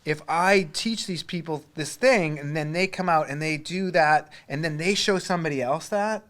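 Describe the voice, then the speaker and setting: A man with a Boston accent talks in a blunt, salty way, full of swearing and quick anecdotes. His voice sits a little higher than most men's. He sounds like he is chatting casually with a peer. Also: fairly bright tone. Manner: blunt, profane, storytelling. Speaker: breathwork coach. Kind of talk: casual conversation.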